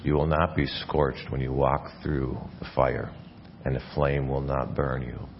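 A man's voice: a bass voice, flat delivery, measured pace, dull audio, slight background noise. A man preaching a sermon as a pastor, earnest, often restarting and repeating words mid-phrase. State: coughing, something in his mouth. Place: church.

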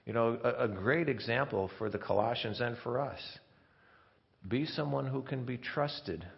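A man preaching a conversational sermon as pastor, talking in a halting way with many restarts and asides. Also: mid-range voice, gravelly. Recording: dull lo-fi sermon recording.

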